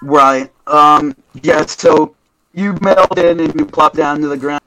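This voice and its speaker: A young man narrating a tabletop game as game master, halting with many fillers and restarts. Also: on the high side, pushed and bright, dry recording, poor audio.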